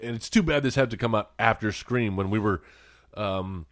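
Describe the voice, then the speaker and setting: A man's voice: mid-range voice, no room sound, clean studio sound. A man co-hosting a podcast, chatting casually about a film in an easygoing, jokey way. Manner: easygoing, jokey, quick back-and-forth. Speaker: podcast co-host. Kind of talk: casual movie review chat.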